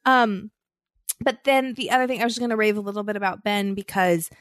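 A woman in her thirties co-hosting a podcast, telling animated stories about her kids in a casual chat and laughing often. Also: medium pitch, a little fast, dry recording, studio quality. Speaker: podcast co-host.

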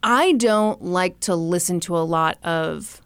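A woman co-hosting a podcast in casual chat, animated and quick to laugh. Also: lowish voice, clean tone, dry recording. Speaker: podcast co-host.

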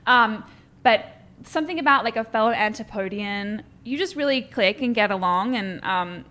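A woman with an Australian accent chatting casually as a guest, animated and full of fillers. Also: a little high, normal speed. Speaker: guest actress. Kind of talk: casual chat.

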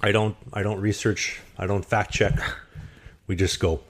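A man's voice: on the low side, flat delivery, unhurried, a little hiss or hum. A man hosting a casual podcast, joking and rambling in a self-mocking way. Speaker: podcast host.

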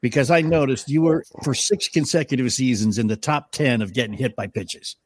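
A man's voice: mid-range voice, a little fast, no room sound. A middle-aged man co-hosting a talk show in casual chat, full of jokes and punchlines. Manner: joking, punchline-driven. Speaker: co-host.

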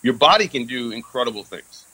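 A man's voice: medium pitch, animated, a little fast, pushed and bright, no echo, poor audio. A man who served in the Army, telling a candid story in casual talk with lots of fillers and some swearing. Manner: frequent fillers, candid and profane. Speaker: interview guest, Army veteran.

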